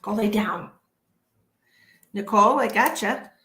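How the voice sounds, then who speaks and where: A woman's voice: mid-range voice, slow, pushed and bright, a little hiss or hum. A woman hosting a casual psychic livestream from home, chatty and tired, greeting viewers by name and swearing freely. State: tired from early work hours. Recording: echoey room.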